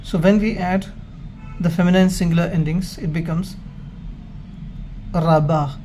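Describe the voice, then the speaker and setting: A man teaching Hebrew grammar in a slow, measured way, explaining step by step with pauses. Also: high voice, steady tone, dark tone, faint music behind. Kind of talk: slow, methodical grammar lesson.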